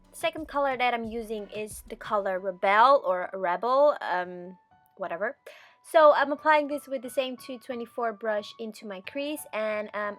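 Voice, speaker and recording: A woman's voice: a little high, fairly bright tone. Chatty woman narrating a makeup tutorial. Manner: chatty, with frequent ums. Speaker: beauty vlogger.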